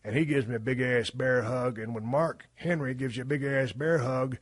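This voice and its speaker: A middle-aged man hosting a podcast, telling stories in a profane, folksy way that swings from low mumbles to loud bursts. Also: dry recording, clean studio sound. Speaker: podcast host. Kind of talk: casual storytelling monologue.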